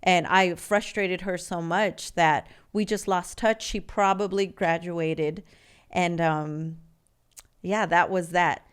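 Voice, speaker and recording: A woman's voice: on the low side, fairly even intonation, smooth. A woman in her forties from California, a podcast guest telling her life story in a candid, earnest way. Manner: earnest and open, with halting restarts.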